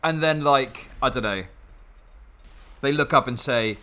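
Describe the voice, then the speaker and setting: A man's voice: medium pitch, measured pace, pushed and bright. A young man chatting casually and sarcastically while playing a game, swearing often and rambling with restarts. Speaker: gaming channel host.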